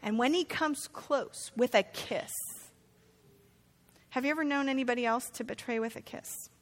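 A woman's voice: a little high, normal speed. A woman teaching a casual Bible study, chatty and playful, often turning to her listeners with questions.

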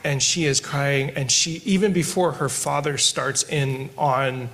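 A man co-hosting a podcast who tells stories while teaching scripture, moving between quick asides and slow, emphatic lines. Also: medium pitch, fairly even intonation, fairly bright tone. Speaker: podcast co-host discussing scripture. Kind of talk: conversational Bible teaching with storytelling.

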